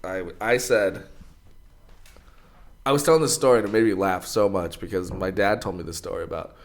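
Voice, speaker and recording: A man's voice: low voice, normal speed. A man hosting a podcast, telling rambling stories in casual chat, laughing often and swearing freely. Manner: rambling storyteller, laughs a lot, heavy swearing. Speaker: podcast host.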